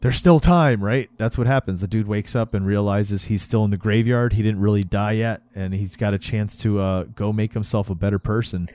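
A man's voice: fairly low pitch, level tone, a little fast, hardly any pauses, mellow, dry recording. A man talking casually about a film, rambling and swearing, often checking in with "right?". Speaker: podcast co-host.

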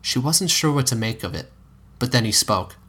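A man reading a piece of fan fiction aloud in a steady storytelling manner, now and then correcting himself. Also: mid-range voice, fairly quick, husky. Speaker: narrator.

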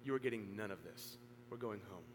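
A man voicing a cruel father taunting his small son, speaking quietly and coldly, with the sound carrying in a reverberant hall over a faint hum. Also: fairly low pitch, a little fast, pitched below the performer's own voice, natural voice.

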